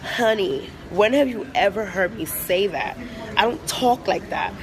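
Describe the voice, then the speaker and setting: An upset woman venting in an agitated, profane rant at an airport, her talk full of fillers as she tries to calm down. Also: mid-range voice, a little slow, crowd noise, low-quality recording. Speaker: vlogger venting after a flight. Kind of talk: angry phone vlog rant.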